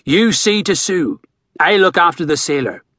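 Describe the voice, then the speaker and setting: A man voicing a booming, bossy old country doctor. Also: expressive, normal speed, a bit bright, dry recording, clean studio sound. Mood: brisk commanding. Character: gruff commanding older male country doctor.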